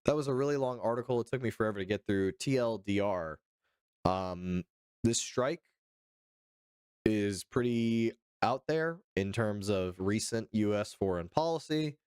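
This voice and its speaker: Unhurried and fairly low-pitched, this young Arizona man has a darkish, clean tone as he reads articles on his casual political livestream. He's chatty and profane, answering viewers by name. No room sound, clean studio audio.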